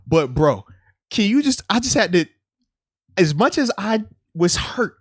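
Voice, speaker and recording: Animated high-voiced man talking football. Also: a little slow, breathy edge, no room sound, clean studio sound. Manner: animated, swings into loud imitations and laughter. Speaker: podcast host. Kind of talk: casual sports chat.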